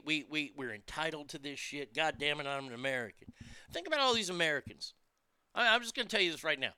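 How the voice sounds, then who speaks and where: A man hosting a show, ranting profanely in a casual way, swinging from low muttering to loud outbursts. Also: dry recording. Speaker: podcast host.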